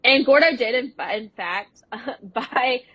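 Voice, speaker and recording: Husky-voiced woman recapping a show. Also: high-pitched, pushed and bright, no echo, low-quality recording. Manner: retells scenes with quick voice impressions and laughs. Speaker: podcast co-host. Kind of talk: casual recap chat.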